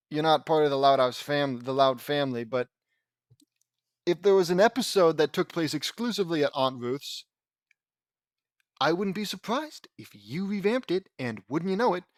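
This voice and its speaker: A man's voice: a little high, expressive, normal speed, pauses often, no room sound, studio quality. A man reading fan fiction aloud and breaking off into sarcastic, mocking commentary. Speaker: audiobook reader and commentator.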